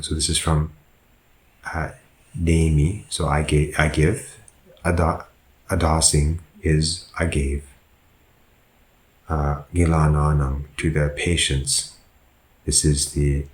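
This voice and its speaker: Very deep-voiced man teaching slowly. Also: echoey room, low-quality recording. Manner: slow, methodical, pauses to correct himself. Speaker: Buddhist monk teaching Pāli. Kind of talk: grammar lesson, translating sentences.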